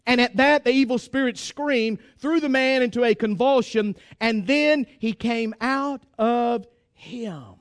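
A man's voice: very high-pitched, unhurried, clear, resonant tone, no room sound, studio quality. A man preaching a sermon to his congregation, emphatic and exhorting, repeating phrases for force. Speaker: pastor.

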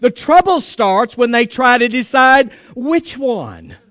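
High, smooth-voiced folksy male preacher. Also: lively intonation, slow pace, a bit bright, no room sound. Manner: folksy, joking, emphatic. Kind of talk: sermon.

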